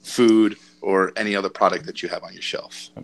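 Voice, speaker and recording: A man talks casually on a group podcast about collecting, his voice pitched a little low. He loops back over words as he thinks. The talk is loose and conversational. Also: steady tone, fairly quick, creaky, low-quality recording. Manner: repeats words while finding his point. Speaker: podcast co-host. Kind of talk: casual panel chat.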